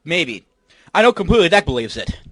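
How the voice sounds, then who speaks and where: A man hosting a comedic radio show, ranting in a panicky, swearing, shouting way. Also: on the high side, big pitch swings, a little fast, no echo.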